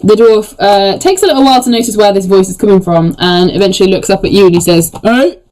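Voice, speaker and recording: A game master narrating a tabletop game in a relaxed, descriptive way. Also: medium pitch, quick pace, rough recording.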